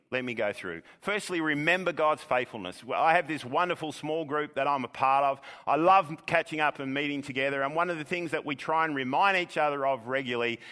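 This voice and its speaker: Male pastor, earnest sermon delivery, bright forceful voice, long hall reverb. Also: on the high side. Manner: earnest, measured preaching with repeated words.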